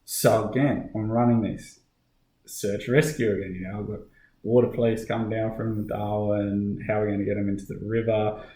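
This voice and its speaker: A middle-aged Australian man recounts his police work in a loose, conversational way, stacking fillers and restarting sentences as he goes. His voice sits on the lower side, and the room gives it a noticeable echo. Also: level tone, moderate pace, dark tone. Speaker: guest, police officer. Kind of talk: casual podcast interview.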